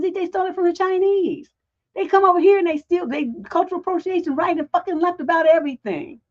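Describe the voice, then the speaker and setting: A woman's voice: very high-pitched, darkish tone, dull audio. A woman relationship coach on a livestream advice show, talking bluntly with heavy profanity.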